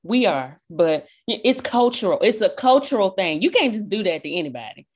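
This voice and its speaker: A young woman from the South, talking loudly and expressively in a casual chat. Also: medium pitch, a little fast, slightly rough. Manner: loud, projecting, expressive.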